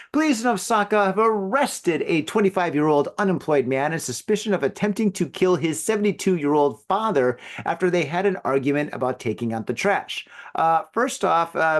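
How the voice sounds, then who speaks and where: A man hosts a solo podcast, reading out odd news and riffing on it in a loose, rambling way. His voice sits a little higher than most men's. He leans on fillers and jokes. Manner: rambling, joking, filler-heavy. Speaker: podcast host.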